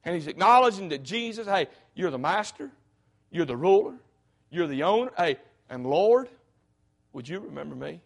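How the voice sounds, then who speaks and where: A man's voice: high voice, sing-song, moderate pace, vocal fry. A man preaching a sermon, fervent and folksy, often breaking in with "hey".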